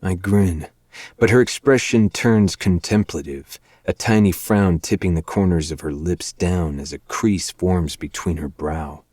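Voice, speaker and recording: A man hosting a podcast, reading a dark romance novel aloud in a low, measured first-person narration. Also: no echo, studio quality. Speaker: podcast host.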